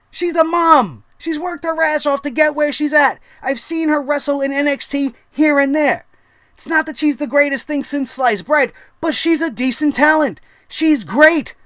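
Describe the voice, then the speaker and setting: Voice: high-pitched, a bit bright, dry recording. A wrestling show host giving a heated, sarcastic and profane review of a weekly wrestling episode.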